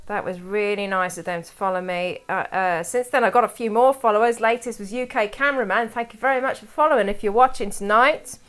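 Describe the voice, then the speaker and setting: A woman's voice: mid-range voice, fairly even intonation, brisk, hardly any pauses, a bit bright, clear, resonant tone. A woman from England chatting casually on a live stream from home, rambling and reading chat aloud.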